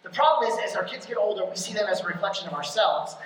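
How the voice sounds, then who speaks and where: A pastor giving a conversational sermon, often checking in with the congregation with a quick question, and punching key lines hard. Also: medium pitch, animated, a bit bright. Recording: very echoey hall, mic from far off.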